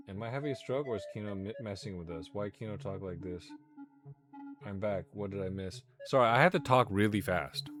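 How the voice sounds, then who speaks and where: Male streamer, quick stumbling commentary, low voice, loud game music. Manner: rapid, stumbling, apologetic asides. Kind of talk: live gameplay commentary.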